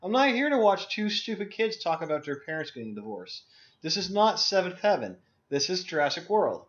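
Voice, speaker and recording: A man's voice: high-pitched, sing-song, a little fast, a bit bright. Blunt ranting young man on a call. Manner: blunt, profane, emphatic ranting. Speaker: discussion co-host. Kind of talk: casual Skype chat. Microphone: video call. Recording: dull lo-fi voice call audio.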